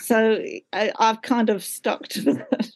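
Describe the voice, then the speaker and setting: A woman's voice: on the high side, fairly even intonation, slow pace. A woman talking on a video call as a guest actor. She laughs often and is chatty and self-deprecating. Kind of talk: casual interview chat.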